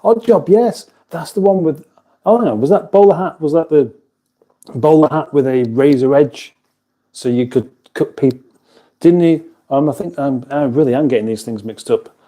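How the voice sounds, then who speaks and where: A man rambles through a relaxed livestream in his kitchen, talking in a very dark, mellow voice. He chuckles easily, stops to restart his sentences, and reads out viewer comments as he goes. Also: medium pitch, normal speed. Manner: rambling, chuckling, self-interrupting. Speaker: livestream host. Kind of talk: casual livestream chat reading viewer comments. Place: home kitchen.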